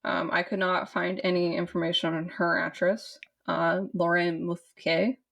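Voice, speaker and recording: A woman co-hosting a podcast, her voice low with a lot of vocal fry. She chats casually and rambles, with plenty of fillers and restarts. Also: level tone, measured pace, a bit bright. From southern United States. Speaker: podcast co-host. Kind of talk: casual chat about a film.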